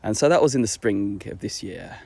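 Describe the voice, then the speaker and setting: A man's voice: fairly low pitch, lively intonation, fairly quick, creaky, dark tone, husky, dry recording. A young man chatting casually to camera, rambling and swearing, full of fillers and restarts. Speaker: vlogger.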